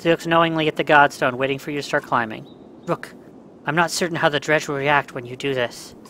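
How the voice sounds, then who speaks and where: A man's voice: a little high, fairly even intonation, fairly quick, sharp tone, a little hiss or hum. A man playing a story game, reading each part's dialogue aloud in his own voice and cursing when the controls glitch. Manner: reads every part in his own voice, breaks into angry outbursts at glitches. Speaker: let's play gamer.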